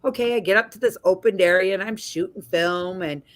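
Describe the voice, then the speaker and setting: A woman hosting a casual livestream chat, telling a story in a lively way over a video call. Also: medium pitch, brisk. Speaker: host.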